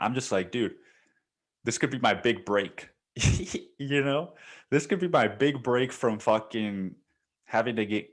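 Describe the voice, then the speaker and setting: A man's voice: fairly low pitch, fairly bright tone. A man hosting a casual solo podcast, rambling, laughing often, swearing and calling the listener dude. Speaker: podcast host.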